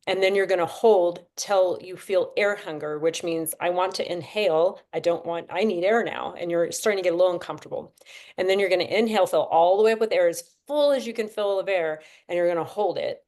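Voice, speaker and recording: A woman's voice: lowish voice, fast talker, darkish tone. A woman leading a breathing class over a video call, chatty and encouraging as she counts the class through each step. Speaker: breathwork instructor.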